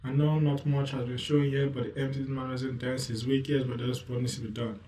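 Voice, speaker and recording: A man's voice: medium pitch, level tone, brisk, warm tone, roomy sound, distant mic, low-quality recording. A man giving casual commentary as a manga reviewer, rambling loosely with lots of asides. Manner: rambling, loose, full of "you know" asides.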